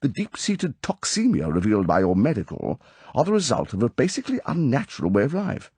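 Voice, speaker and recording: A man's voice: mid-range voice, wildly swooping pitch, brisk, darkish tone, husky, no echo, pitched above the performer's own voice. A man voicing a stern older male spymaster who lectures in a clipped, commanding way, from an audiobook reading. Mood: insistent.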